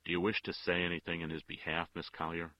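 A man's voice: a bass voice, a little slow, vocal fry, breathy edge, no echo, lo-fi sound, full character voice. An actor voicing a stern older male judge who speaks in an implacable, disagreeable way with a grating voice. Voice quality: grating, harsh.

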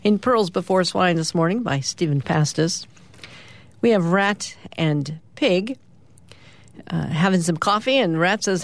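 A radio host reading the morning comic strips aloud in an easygoing way, pausing with small fillers as he describes each panel. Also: mid-range voice, lively intonation.

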